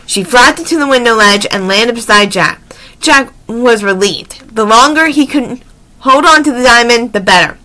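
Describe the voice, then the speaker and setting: A woman reading children's books aloud in an animated, expressive way with chatty asides. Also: fairly high pitch, normal speed. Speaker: story reader.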